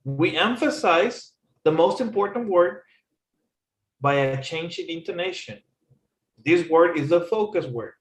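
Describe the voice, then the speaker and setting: A man, teaching an English lesson with slow, careful explanations. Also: on the high side, animated. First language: Spanish. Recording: echoey room.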